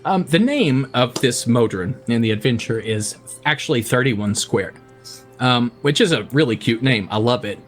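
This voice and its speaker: A man's voice: medium pitch, expressive, moderate pace, soft background music. A man running a tabletop game as game master, narrating in a heartfelt, emotional way.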